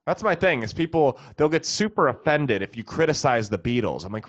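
A man's voice: medium pitch, sing-song, a little fast, hardly any pauses, no room sound. A man, a comedian and podcast host, delivering a profane, sarcastic, exasperated comedic rant. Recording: dull lo-fi, dry.

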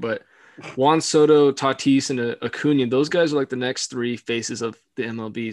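Young male podcast co-host, easygoing and giggly, mid-pitched, dry close recording. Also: creaky, dry recording. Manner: laughs often, hedging fillers. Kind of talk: casual sports podcast chat.

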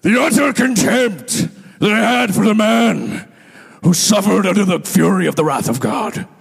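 A man voicing an intense, booming male pastor who talks loud and forceful, in a reverberant hall. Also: measured pace, vocal fry, breathy edge, heavily acted. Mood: thundering.

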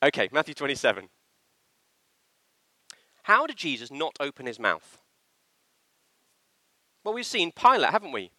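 A male preacher giving a sermon, his pitch rising and falling with lively movement. His tone is bright and a touch sharp, and the sound is close and dry with hardly any room echo. He stresses his points hard and acts out short quoted lines. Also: unhurried, pauses often. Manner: animated, emphatic delivery with acted quotations. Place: church.

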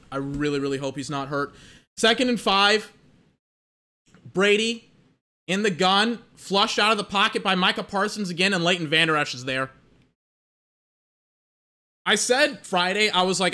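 Excitable high-voiced man ranting over a game. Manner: excitable, exasperated, profane rant with filler "like". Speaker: fan commentator. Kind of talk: live watch-along game commentary.

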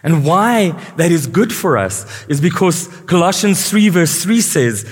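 Man, pastor, lively preaching, husky tone, echoing church hall. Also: on the high side, a little slow, few pauses. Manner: animated preaching, questions to the congregation. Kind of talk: sermon. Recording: live church sound with long reverb.

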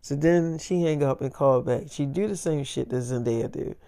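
A man's voice: a little high, moderate pace, creaky, warm tone. A man telling a rambling first-person story in a casual, profane way.

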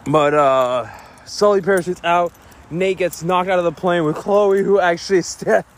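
A man recapping a film in a casual, rambling way, an excitable fan with many fillers. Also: sits high. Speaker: video creator recapping a film. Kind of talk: casual movie recap and reaction.

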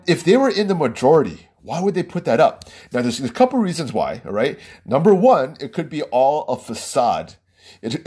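Man, podcast host, heated rambling monologue, husky voice, laughs between points. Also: medium pitch, a little mellow. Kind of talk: political commentary monologue.

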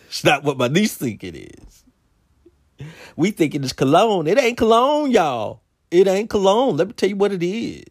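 A man with tells a funny everyday story on his podcast. His voice is gravelly and swings widely in pitch. He takes his time, laughing and drawing out his exclamations. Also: dry recording, studio quality. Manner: animated, laughing, drawn-out exclamations. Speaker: podcast host. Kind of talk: casual storytelling monologue.

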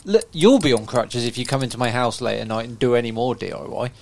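A man's voice: mid-range voice, animated, fast talker, gravelly, slight background noise. A man co-hosting a casual podcast chat, with dry, teasing banter. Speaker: podcast co-host.

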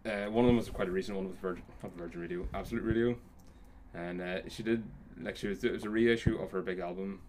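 Fast-talking, swearing male podcast host. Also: sits low, slight background noise. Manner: swears casually, lively and argumentative. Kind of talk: casual chat.

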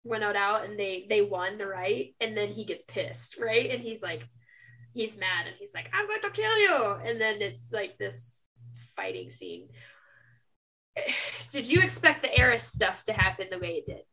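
A woman's voice: medium pitch, animated, measured pace, bright, forceful tone. A young woman co-hosting a book podcast in casual chat, retelling scenes emphatically. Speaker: podcast co-host.

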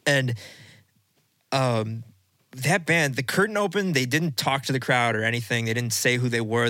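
A man in his thirties hosts a casual podcast chat, telling wild stories with loose swearing and laughter. His voice is bright and forceful, recorded close and dry with no room sound. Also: mid-range voice, dry recording. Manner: animated, swears freely, laughs mid-story. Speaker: podcast host.

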